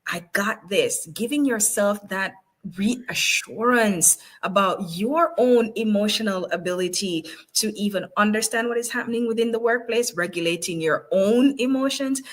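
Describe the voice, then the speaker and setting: A woman HR professional, appearing as an interview guest, tells casual workplace stories at a normal speed in a medium-pitched voice, though the audio is poor. She's a warm storyteller who smiles and laughs often as she makes her points.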